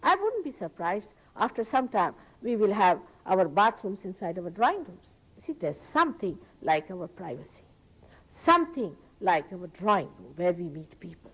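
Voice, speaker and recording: A woman giving a public spiritual talk, earnest and emphatic, often rising sharply in pitch. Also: sing-song, normal speed, husky, low-quality recording. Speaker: spiritual teacher. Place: public hall.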